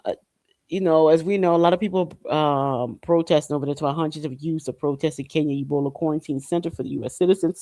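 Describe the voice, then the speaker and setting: Haitian-born guy doing a chatty podcast rant, kinda high voice, slangy, lots of whoops, dry close sound. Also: no echo. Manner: animated, slangy, with loud whooping exclamations. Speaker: podcast host. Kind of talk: casual commentary monologue.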